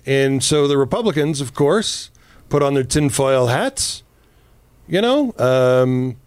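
A man's voice: medium pitch, lively intonation, slow, a little mellow, clear, resonant tone, dry recording. A man co-hosting a casual political talk show, reading news items aloud and adding sarcastic asides. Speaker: podcast co-host.

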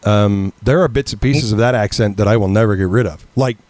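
A man's voice: on the low side, brisk, darkish tone, no echo. A middle-aged man chatting casually on a podcast, telling stories with a self-deprecating edge. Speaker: podcast co-host.

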